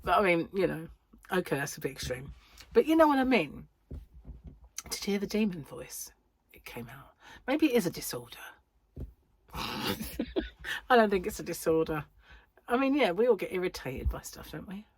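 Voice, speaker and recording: A woman's voice: lowish voice, big pitch swings, normal speed, long pauses, breathy edge. A British woman rambling in casual chat to camera as a crochet vlogger, talking from a corner of her home. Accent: British English. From United Kingdom. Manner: rambling, chatty, self-interrupting. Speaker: crochet vlogger and yarn shop owner.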